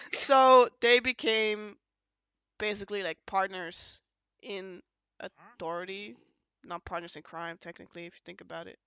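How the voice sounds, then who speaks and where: Podcast host, casual rambling storyteller, bright crisp tone, dry close sound. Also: mid-range voice, takes it slowly, pauses often, no room sound, low-quality recording. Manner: rambling, filler-heavy storytelling that jumps between points; acts out quoted lines in shifting voices. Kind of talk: casual podcast recap of a roleplay event.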